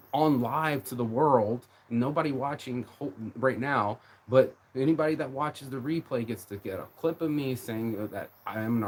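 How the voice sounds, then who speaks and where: This livestreamer's mid-range voice has a breathy edge as he delivers a rambling, heated rant to his stream, cursing frequently and saying the same things over and over.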